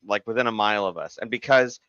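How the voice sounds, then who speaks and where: A man from Arizona telling rambling stories in casual podcast chat, lively when quoting others. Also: on the low side, fast talker, smooth, no room sound, muffled recording. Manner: rambling storyteller, animated when quoting people. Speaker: podcast co-host.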